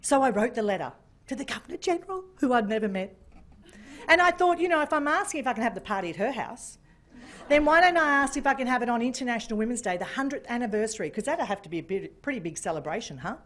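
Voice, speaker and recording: A woman giving a keynote talk, telling a story with lively, animated delivery and acting out phone calls. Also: a little high, fast. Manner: animated, acts out phone calls in different voices. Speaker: keynote speaker. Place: function room.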